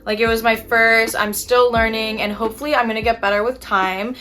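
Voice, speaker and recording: A woman's voice: fairly high pitch, steady tone, fairly quick, a bit bright, soft background music. A young woman chatting casually while doing her makeup, telling an exasperated story with casual swearing. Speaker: beauty vlogger.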